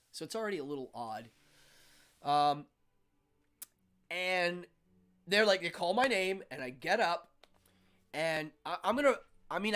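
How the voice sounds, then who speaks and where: A man, host of a talk show, casually telling a personal story and acting out the people in it. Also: high voice. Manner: animated, acts out yelling voices in his story. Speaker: podcast host.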